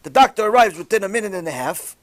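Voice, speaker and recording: A man, a rabbi, telling a religious story in an animated way, with sudden loud bursts. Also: sits high, quick pace.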